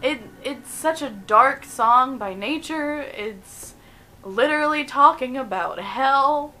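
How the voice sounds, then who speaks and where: Chatty young woman hosting a countdown vlog, bright voice, giggly. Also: a little high, slight background noise, rough recording. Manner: chatty and animated, giggles between points. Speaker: video host.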